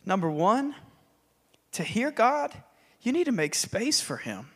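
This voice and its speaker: A man preaching a sermon in an animated way, acting out scripture scenes with laughs. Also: high voice, takes it slowly, in a large hall. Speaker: pastor.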